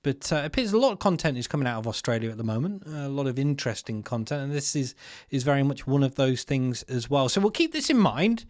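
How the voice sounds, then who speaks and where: A man's voice: mid-range voice, very animated, quick pace, no room sound, studio quality. A man, hosting an opinionated commentary with exasperated, sarcastic asides and slangy remarks. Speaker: commentary channel host.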